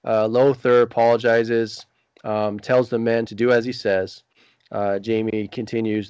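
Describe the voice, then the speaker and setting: A man casually retelling a TV scene, reading out the dialogue with frequent pauses and fillers. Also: on the low side, level tone, darkish tone, smooth, no room sound, highs cut off. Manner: halting, many "uh" fillers. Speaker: podcast co-host recapping a TV episode. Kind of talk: casual recap, reading lines aloud.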